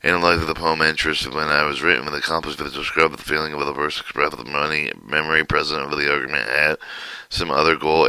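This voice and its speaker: Man with a super deep monotone voice reading a lesson out loud, bright and clean, keeps tripping on words and starting over. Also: clean tone, dry recording, low-quality recording. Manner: halting reading with frequent restarts and stumbles. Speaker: teacher reading a textbook chapter.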